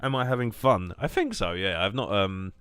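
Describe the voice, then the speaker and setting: A young man streaming a game, rambling and joking casually while answering chat in a flat, monotone way. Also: normal speed, smooth, no echo. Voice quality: low monotone voice. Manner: rambling, jokey, reacting to chat.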